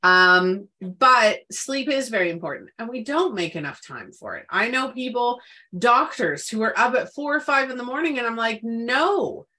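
A woman's voice: on the high side, lively intonation, moderate pace, pushed and bright. A woman co-hosting a casual wellness chat, who talks emphatically and repeats words for stress. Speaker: podcast co-host.

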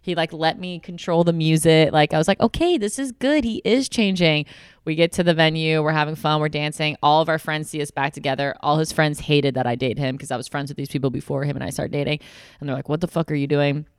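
Low, smooth-voiced woman telling a story. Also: fast talker, no echo, studio quality. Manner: animated, swears freely, acts out quoted voices. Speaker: podcast co-host. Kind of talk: casual storytelling chat.

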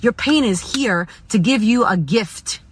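A woman's voice: mid-range voice, expressive, measured pace, husky. A woman giving a blunt, profane motivational monologue from her car. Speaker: motivational speaker.

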